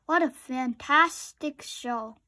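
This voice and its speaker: Brief: woman voicing excitable young male rabbit, storybook, high, slow and fretful. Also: full character voice. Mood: cheerful.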